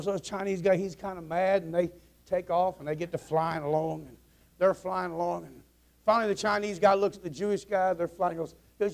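Folksy preacher, male, high and gravelly, loose rambling delivery to his congregation. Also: fairly even intonation, brisk. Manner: folksy, rambling storyteller with restarts. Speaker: pastor. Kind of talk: joke-telling before a sermon. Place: church sanctuary.

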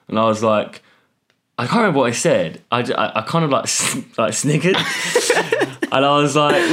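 Lively young man telling stories. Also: mid-range voice, normal speed. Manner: animated storytelling, acts out other voices, laughs often. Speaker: podcast co-host. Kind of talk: casual chat.

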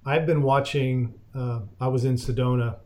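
A man's voice: medium pitch, steady tone, normal speed, a little mellow. A man hosting a podcast in casual chat, rambling and chatty. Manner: rambling, chatty, many fillers. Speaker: podcast host.

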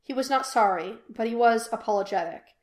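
A woman reading a fan fiction audiobook in an even, unhurried storytelling voice. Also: fairly high pitch. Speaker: podfic reader. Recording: echoey room.

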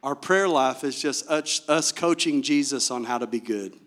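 A man's voice: mid-range voice, moderate pace, fairly bright tone. A male pastor preaching a sermon, telling the story with animation and asking the congregation direct questions.

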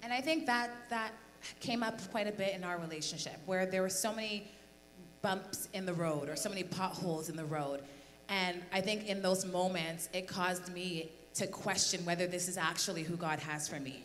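A woman's voice: fairly low pitch, normal speed, fairly bright tone. A woman on a church panel reflecting earnestly on her relationship, recorded in a large church hall. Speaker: church speaker, wife. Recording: hall reverb with faint hum.

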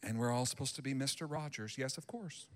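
A male pastor preaching a sermon in a church sanctuary, animated and emphatic, acting out what people say. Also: mid-range voice, brisk, long reverb tail, slight background noise.

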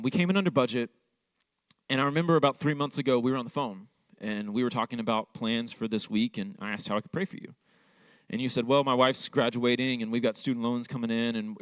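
A man's voice: medium pitch, fairly bright tone, no echo. Man, young adult, preaching, casual storytelling, dry close sound. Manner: conversational, fillers like "like". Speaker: pastor. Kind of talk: sermon with personal story.

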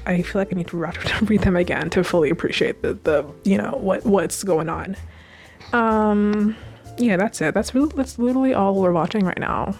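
A woman's voice: mid-range voice, moderate pace, darkish tone, faint music behind. A young woman hosting a podcast in casual chat, rambling and gushing with lots of fillers, on a home mic. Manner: chatty and rambling, with many fillers and gushing asides. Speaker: podcast host recapping a TV series.

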